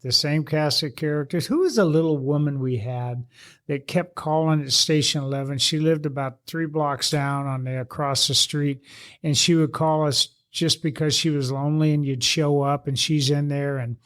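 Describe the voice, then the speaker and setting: Brief: higher-pitched male co-host, animated, rambling storyteller. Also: normal speed. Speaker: co-host, retired fire officer. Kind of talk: casual storytelling chat.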